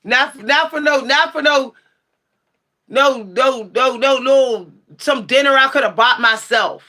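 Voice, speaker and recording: A woman hosting her own livestream channel, ranting sassily and bluntly at her chat, swearing freely and breaking into shouts. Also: sits high, slow. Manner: sassy, blunt, profane, shouts at times. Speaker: livestream tarot channel host. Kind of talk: heated livestream rant answering chat.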